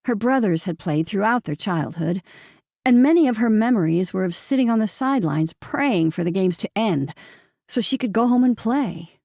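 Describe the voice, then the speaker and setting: A woman reads a novel aloud with measured, steady pacing. Her voice is dark and mellow with a gravelly fry, and the close studio mic leaves it dry, with no room sound. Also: mid-range voice, no echo. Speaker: audiobook narrator. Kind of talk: scripted audiobook narration.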